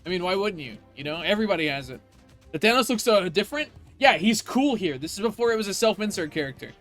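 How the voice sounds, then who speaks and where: A man's voice: high voice, animated, quick pace, fairly bright tone, faint music behind. A man streaming a video game, ranting in casual, profane commentary.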